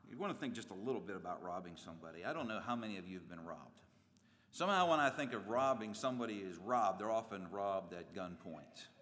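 A man preaching a sermon in a church, animated, acting out voices and swinging his pitch and loudness widely. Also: fast talker. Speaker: pastor. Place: church sanctuary. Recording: long reverb of a church hall.

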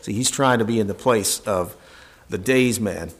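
A man's voice: fairly low pitch, normal speed. A man preaching a sermon, reading old-fashioned scripture verses aloud and then explaining them in plain words with frequent restarts.

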